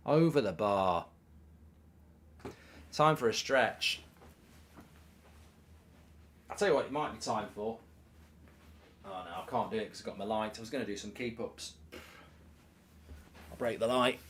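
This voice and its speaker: A man's voice: on the low side, a little slow, pauses often, a bit bright, slight background noise. Man chatting through a football watchalong. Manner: casual, chatty, reads out viewer messages. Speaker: host. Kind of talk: live football watchalong commentary.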